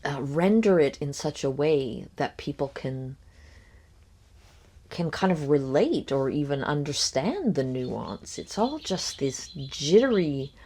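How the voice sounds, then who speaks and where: A woman with a low voice talks through a reaction commentary, pausing often with ums. She is critical and speculative, weighing each point as she goes. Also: expressive, mellow, breathy edge. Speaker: commentary host. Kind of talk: reaction commentary on a podcast clip.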